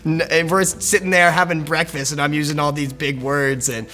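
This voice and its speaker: A man's voice: a little high, little pitch movement, normal speed, bright, forceful tone. A young man and lead actor talking casually in a behind-the-scenes interview, rambling and self-deprecating, laughing easily and joking with the crew.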